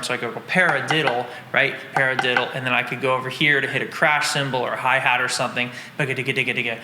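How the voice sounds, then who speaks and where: A man's voice: medium pitch, sharp tone, reverberant, in a large hall, slight background noise. A man teaching drums, patiently explaining and counting out strokes in an instructional lesson. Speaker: drum teacher.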